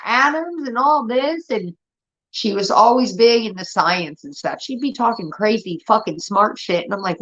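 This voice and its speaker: A woman's voice: medium pitch, moderate pace. A woman in her thirties telling family stories in casual, profane talk, acting out her relatives. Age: 30s. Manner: profane, animated, acts out family members. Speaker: streamer. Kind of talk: casual storytelling. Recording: dull lo-fi audio.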